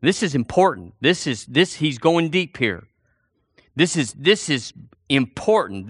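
A man's voice: fairly high pitch, sing-song, a little slow, breathy edge, no echo, clean studio sound. A man preaching a fervent sermon, repeating phrases and drawing the congregation in. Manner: fervent, repetitive preaching with call-and-response.

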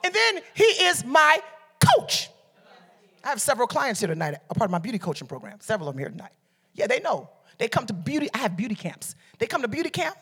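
Lively, bright-voiced woman preacher. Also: sits high, brisk, vocal fry, husky. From Detroit, USA. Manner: call-and-response preaching, swinging from soft to shouted. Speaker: preacher and beauty coach. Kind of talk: sermon. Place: church service.

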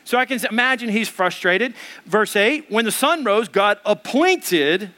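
A male pastor preaching an animated sermon, acting out the voices of the people in the story as he goes. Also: high voice, unhurried.

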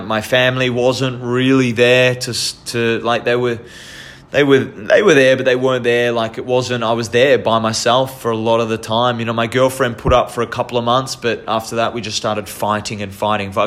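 Young Australian man, casual storyteller, earnest, halting, lots of restarts. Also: medium pitch, fairly bright tone.

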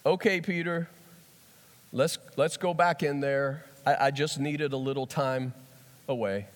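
A man voicing a calm, resolute teacher who speaks in measured, firm phrases. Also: mid-range voice, lightly acted. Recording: long hall reverb.

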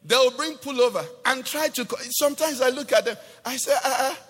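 Male preacher, high lively voice, church hall reverb trailing off. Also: a little fast. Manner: animated preaching with rhetorical questions to the congregation. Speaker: pastor. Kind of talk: sermon.

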